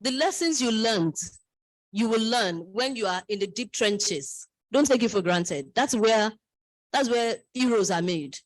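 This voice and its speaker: A woman's voice: medium pitch, dry recording, low-quality recording. A middle-aged woman giving a speech at a graduation ceremony, telling stories and acting out the voices of others. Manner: storytelling, lively, quotes others in voices.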